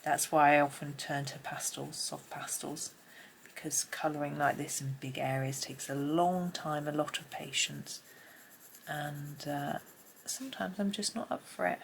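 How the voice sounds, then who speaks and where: Low-voiced woman, gravelly tone. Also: steady tone, unhurried, a little hiss or hum. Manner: chatty and rambling, often trailing into soft asides under her breath. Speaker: colouring tutor. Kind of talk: casual colouring tutorial, talking while drawing. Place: home room with pencils scratching on paper.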